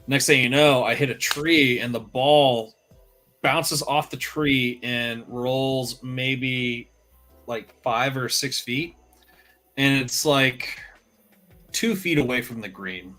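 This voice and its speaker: A man telling animated stories in a relaxed group chat, swearing freely and laughing as he goes. His voice is bright and forward, and faint music plays behind him. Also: medium pitch, a little slow. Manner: animated storyteller, profane, laughing. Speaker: show regular. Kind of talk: casual chat.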